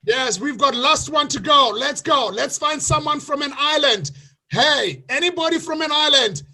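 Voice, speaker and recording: A man with an extremely high, very bright and forceful voice runs an online webinar. He talks excitedly and often breaks into shouts. The sound comes through a video call mic. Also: normal speed. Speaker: webinar host. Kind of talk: hyped online sales webinar.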